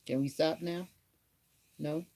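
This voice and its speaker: A woman's voice: deep voice, fairly even intonation, takes it slowly, dark tone, exaggerated voice. A woman voicing her pampered female pet dog, whiny and bossy about being groomed. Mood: demanding.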